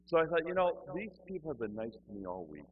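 Animated man telling a funny testimony. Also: a little high, fast talker, breathy edge, narrow, tinny audio. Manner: animated, acts out other people's voices. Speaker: storyteller. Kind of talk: humorous personal testimony.

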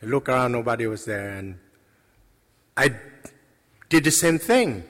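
A man giving a personal faith testimony to a congregation, earnest and halting, with many pauses and restarts. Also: medium pitch, lively intonation, a bit bright. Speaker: lay speaker giving a testimony. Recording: long reverb of a large hall.

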